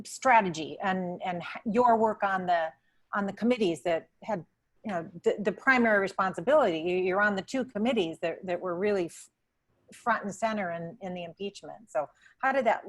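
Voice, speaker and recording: A woman's voice: on the low side, normal speed. A woman interviewing an author on a video call, asking long questions with many restarts and repeated words. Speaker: interviewer, congresswoman.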